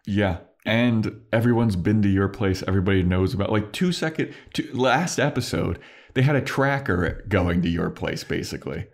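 A man with a low voice chats casually on a podcast, recapping a TV episode. He acts out the characters' lines as he goes, with plenty of swearing and laughing. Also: moderate pace. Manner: animated retelling, acting out characters' lines, frequent swearing and laughter. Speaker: podcast co-host.

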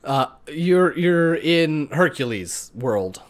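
A man's voice: on the high side, very animated, slow. A man co-hosting a casual podcast, talking sarcastically and laughing often as he recaps a game. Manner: sarcastic, laughs often, puts on voices for quotes. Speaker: podcast co-host.

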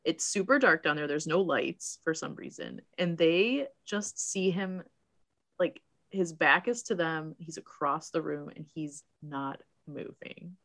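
A woman's voice: deep voice, measured pace, a bit bright. A woman co-hosting a casual chat, recapping a movie from her notes and laughing often. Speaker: podcast co-host.

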